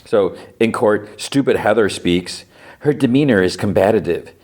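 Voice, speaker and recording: A man hosting a podcast, casually retelling a TV episode scene by scene in quick quoted dialogue. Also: on the low side, a little mellow. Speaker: podcast host.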